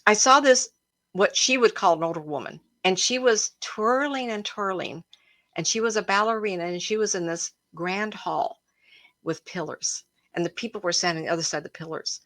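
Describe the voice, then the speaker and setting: A woman's voice: medium pitch, moderate pace, a bit bright, dry recording. A woman hosting a live stream as a psychic. She tells stories in a chatty, emotional way and talks to her viewers directly. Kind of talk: casual storytelling to a live audience. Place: home, a cat jumping around.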